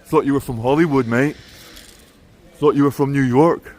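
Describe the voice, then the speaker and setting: A man's voice: mid-range voice, fairly even intonation, moderate pace, darkish tone, voice pushed up, lightly acted. A man voicing a disappointed local man who jeeringly asks about cowboy hats. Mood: mocking.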